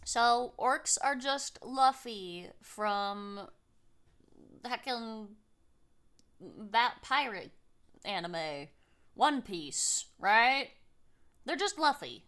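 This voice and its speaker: High, bright playful woman streamer. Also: sing-song, drawn-out words, pauses often. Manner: playful, cutesy baby talk with viewers. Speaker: streamer reacting to videos. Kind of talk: casual live-stream chat.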